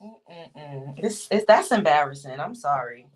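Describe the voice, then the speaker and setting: A woman's voice: low voice, expressive, a little slow. A woman co-hosting a casual gossip show, blunt and mocking, often breaking into laughter as she roasts people. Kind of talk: casual chat.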